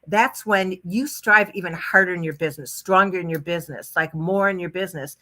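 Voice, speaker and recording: Bright-voiced chatty woman storyteller. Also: on the low side, brisk. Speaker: guest, hypnotist and mentor. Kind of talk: casual podcast storytelling.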